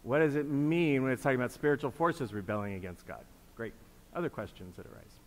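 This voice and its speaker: A man's voice: mid-range voice, quick pace. A man leading a congregation through liturgical renunciations, patiently repeating his prompts and inviting responses. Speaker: pastor leading a group reflection. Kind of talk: interactive liturgical teaching. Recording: long reverb with faint background noise.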